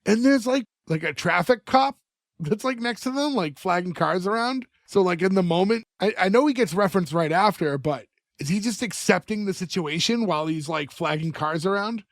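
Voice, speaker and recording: Man, podcast co-host, animated episode recap, fairly high voice, dry sound. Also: normal speed, dry recording. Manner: animated retelling, acts out quoted lines. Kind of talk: casual chat recapping an episode.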